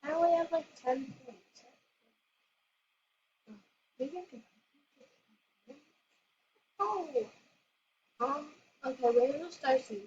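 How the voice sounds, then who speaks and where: A woman hosting her own channel, excitedly commenting on a game she plays, squealing and laughing. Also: high voice. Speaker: gaming channel host. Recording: lo-fi with noisy background.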